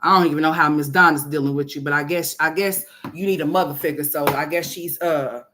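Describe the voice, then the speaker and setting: A woman's voice: low voice, steady tone, fairly quick, background noise. A woman hosting a gossip commentary livestream, brash and profane, rambling and talking straight to her viewers. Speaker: commentary host.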